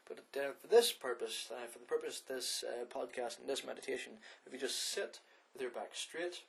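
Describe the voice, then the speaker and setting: A man's voice: mid-range voice, vocal fry, low-quality recording. Hesitant man guiding meditation. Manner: hesitant, with frequent filler sounds; slow, softly spoken breathing instructions. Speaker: podcast host and meditation guide. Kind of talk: podcast talk and guided meditation.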